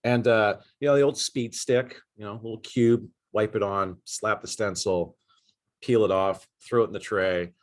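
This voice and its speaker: Low-voiced man, laid-back and swearing. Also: steady tone, normal speed. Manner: swears casually, laughs often, many fillers. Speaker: podcast host. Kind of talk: casual chat.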